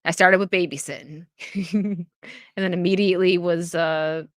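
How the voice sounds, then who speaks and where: A woman's voice: lowish voice, steady tone, moderate pace, no room sound, studio quality. A young woman from New York State hosting a casual stream chat, chatty and teasing, laughing often. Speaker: stream host.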